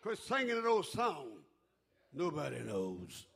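An older man preaching a sermon in call-and-response style, dropping to a hush and then rising to a shout. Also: fairly high pitch, animated, moderate pace, pauses often, slightly rough.

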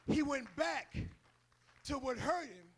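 A man's voice: very high-pitched, animated, takes it slowly, a bit bright, a little hiss or hum. A male preacher giving a sermon in a colloquial, storytelling manner.

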